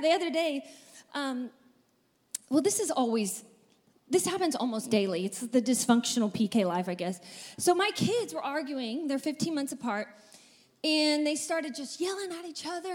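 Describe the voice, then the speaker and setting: Woman pastor, very high voice, emphatic preaching, reverberant church hall. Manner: energetic, emphatic preaching with repeated phrases. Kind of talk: sermon. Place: church sanctuary with congregation.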